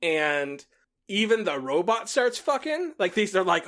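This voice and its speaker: A man's voice: high voice, very animated, measured pace, a bit bright. A man co-hosting a podcast in casual chat, swearing freely, laughing often and acting out what other people say. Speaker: podcast co-host.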